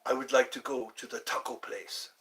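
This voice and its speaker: A man's voice: mid-range voice, steady tone, moderate pace, a bit bright, voice pushed down, natural voice. A man putting on suave Eduardo. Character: suave deep-voiced adult man named Eduardo.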